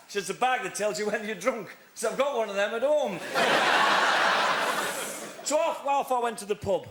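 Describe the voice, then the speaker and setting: A man's voice: high voice, moderate pace. Corny stand-up comic man. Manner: corny joke-telling with shouted punchlines. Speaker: contestant doing stand-up. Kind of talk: stand-up comedy act. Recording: noisy live studio audience.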